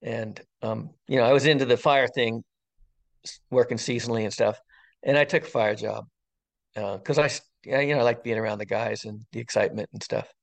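An older man in his sixties recounts a personal experience during an interview, speaking at a middle pitch. He talks haltingly, pausing often and filling gaps with ums. His tone is earnest and full of wonder. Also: steady tone, vocal fry. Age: 60s. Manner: halting, with frequent ums and pauses. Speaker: interview guest, retired fire captain. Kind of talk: personal storytelling in conversation.

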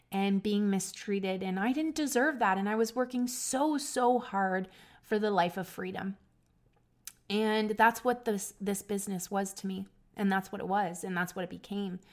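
Woman, earnest personal storytelling, emotional, hushed then lively, mid-pitched voice. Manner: earnest and emotional, with many restarts; lively, swinging between hushed and loud. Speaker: podcast host.

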